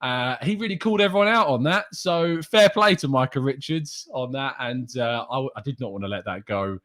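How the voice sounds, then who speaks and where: With a mid-range, fairly bright voice at normal speed, this English podcast host runs a chatty live show. He greets viewers by reading out their names and sometimes puts on a northern accent.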